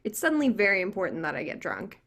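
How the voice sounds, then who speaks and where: A woman's voice: mid-range voice, very animated, quick pace, fairly bright tone. A woman reading a brash, drunk young woman in the afterlife, sarcastic and slurring, at a video call table read.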